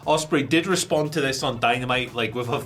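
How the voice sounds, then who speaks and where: A man's voice: mid-range voice, a little fast, fairly bright tone, faint music behind. A man co-hosting a wrestling news show, chatting casually and rambling with jokes.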